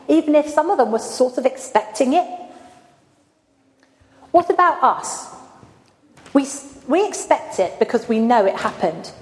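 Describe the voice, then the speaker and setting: A woman's voice: fairly high pitch, a little mellow. Woman preaching in an echoey church. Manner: conversational, asks the congregation questions. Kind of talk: sermon. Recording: echoey church hall with faint ambience.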